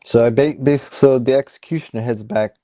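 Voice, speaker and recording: A man's voice: mid-range voice, steady tone, brisk, mellow, no room sound, studio quality. A man co-hosting a casual comic book podcast, laid-back and jokey, with plenty of fillers and murmured agreement. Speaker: podcast co-host.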